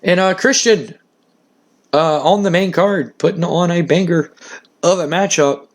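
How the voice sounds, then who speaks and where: Dude rambling thru his wrestling game, kinda high voice, lots of ums. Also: unhurried. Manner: casual, rambling with fillers. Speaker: game streamer. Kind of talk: let's play narration.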